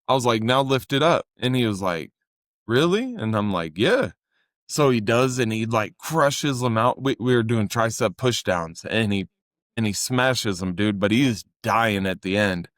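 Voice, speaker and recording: A young man with a fairly low voice talks earnestly on a casual podcast about coaching. He speaks close to the mic in a dry, dead room, and now and then he acts out quotes in a louder, higher voice. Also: normal speed, no echo. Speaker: fitness coach and podcast co-host.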